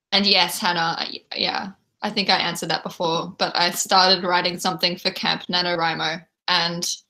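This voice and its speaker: A woman's voice: on the low side, vocal fry, sharp tone. A young Australian woman with an Australian accent, chatting casually to viewers as a livestream host from home. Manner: chatty, reads and answers chat. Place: home room.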